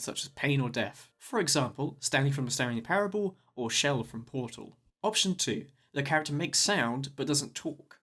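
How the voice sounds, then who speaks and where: A man's voice: a little high, a bit bright. Wry man narrating a video essay. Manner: wry, jokey asides.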